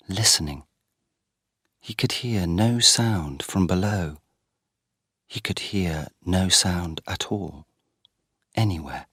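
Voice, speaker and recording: Slow, deep-voiced male storyteller. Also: bright, forceful tone, dry recording, clean studio sound. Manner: slow and clear for learners. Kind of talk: graded-reader story narration.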